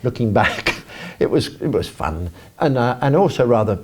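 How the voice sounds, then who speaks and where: An older English man speaking at a conference, animated and self-deprecating, rambling with restarts. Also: medium pitch, moderate pace, husky. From England. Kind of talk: live talk to an audience. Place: conference auditorium.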